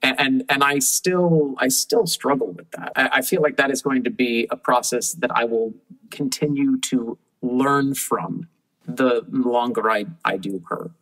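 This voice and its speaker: A woman's voice: extremely low pitch, steady tone, a little slow, fairly bright tone, rough recording. A woman being interviewed on a podcast, telling stories about her work in a thoughtful, often restarting way. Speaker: guest puppeteer. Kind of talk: casual interview chat.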